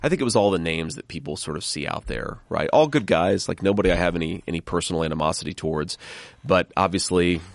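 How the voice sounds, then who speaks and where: A middle-aged man chatting as a guest, halting and often repeating his words. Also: sits low, gravelly. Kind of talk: casual conversation.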